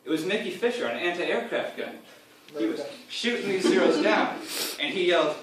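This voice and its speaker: A man telling a deadpan comic tall tale, rambling on with loud acted-out quotes and chuckling asides. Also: sits high, brisk. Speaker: speaker giving a comic presentation. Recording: echoey room from far off, faint hiss.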